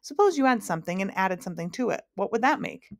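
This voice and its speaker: A woman's voice: mid-range voice, animated, quick pace, no echo, studio quality, close to an everyday voice. A woman reading aloud and voicing a pleased, pedantic male dodecahedron, a many-faced storybook creature. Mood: schoolmasterly.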